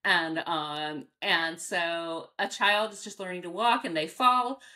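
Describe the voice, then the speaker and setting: An American dog trainer, a woman, answers interview questions slowly, in a casual and animated style. She acts out reactions with big pitch jumps, uses lots of fillers and restarts, and laughs often.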